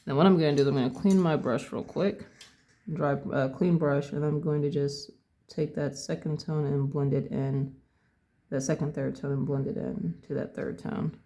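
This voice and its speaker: A person calmly talking through a painting tutorial step by step, thinking aloud and correcting their own words as they go. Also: medium pitch, normal speed. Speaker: painting instructor.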